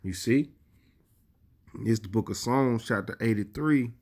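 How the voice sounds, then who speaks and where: A male preacher giving a sermon, reading scripture slowly and with emphasis, and often adding "you see". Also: medium pitch, darkish tone.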